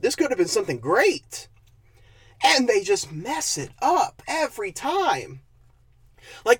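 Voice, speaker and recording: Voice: medium pitch, dry recording. A movie reviewer giving a casual spoken review, ranting with exasperation and sarcasm, often laughing and stumbling over restarts. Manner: frequent laughs and stammered restarts.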